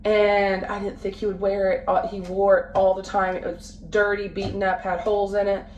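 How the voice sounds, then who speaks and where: A woman in her late twenties, a family vlogger talking casually to the camera at home, halting and full of fillers and restarts. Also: medium pitch, level tone, darkish tone, lo-fi sound. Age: late 20s. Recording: roomy, from a distance, faint background noise.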